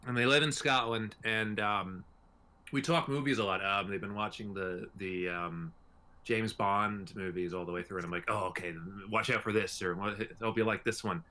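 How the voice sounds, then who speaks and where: A man's voice: fairly low pitch, moderate pace, pushed and bright. A man hosting a podcast in casual group chat, rambling with frequent fillers and laughs. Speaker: podcast host.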